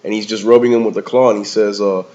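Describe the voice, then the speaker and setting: A man's voice: lowish voice, steady tone, fast, warm tone. A man giving a casual, rambling movie review in slangy talk, often calling the listener "man" or "bro". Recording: slightly dull lo-fi recording.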